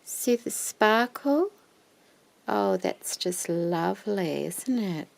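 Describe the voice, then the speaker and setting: A woman craft vlogger showing off her purchases in a casual show-and-tell, gushing with admiration and often dropping into a soft whisper. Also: mid-range voice, animated, slow, gravelly.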